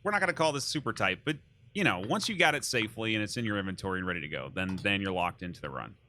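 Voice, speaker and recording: A man's voice: lowish voice, expressive, racing, pushed and bright, a little hiss or hum. A man hosting a stream, explaining race rules in a loose, rambling way full of fillers. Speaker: host of a speedrun race stream. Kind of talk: casual chat, explaining rules.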